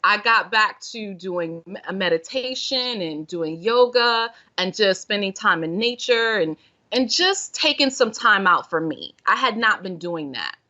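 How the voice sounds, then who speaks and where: Bright-voiced woman telling her story. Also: medium pitch, unhurried, dull audio. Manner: earnest, expressive storyteller who acts out her past thoughts. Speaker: podcast guest, self-care and meditation guide. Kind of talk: personal story told in conversation.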